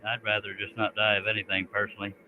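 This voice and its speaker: A man's voice: on the low side, completely flat delivery, fast talker, phone-quality sound, a little hiss or hum. A man hosting a live stream, from Canada, chatting casually with jokey, teasing banter.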